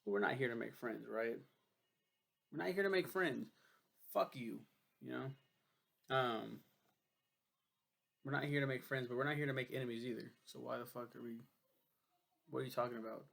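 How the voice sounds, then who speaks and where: A man's voice: mid-range voice, fairly even intonation, moderate pace, vocal fry, pauses often, a bit bright. A young man reviewing a friend's book in a casual vlog, rambling, cursing freely and poking fun at himself. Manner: rambling, profane, self-deprecating.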